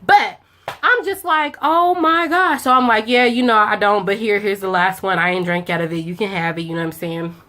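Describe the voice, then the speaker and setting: A woman's voice: mid-range voice, steady tone, a little fast, pushed and bright, slight background noise. A young woman chatting casually as she tells a story while doing her makeup, acting out both sides of the conversation with slang. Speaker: beauty vlogger telling a story.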